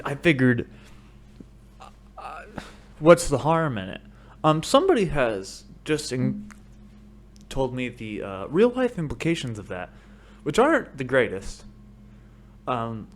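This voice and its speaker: An American man hosting a podcast, telling rambling comedic stories full of swearing that break into shouted rants, speaking into a studio microphone. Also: mid-range voice. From United States. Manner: profane, rambling storytelling that bursts into shouted rants. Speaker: podcast host. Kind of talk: solo comedic monologue.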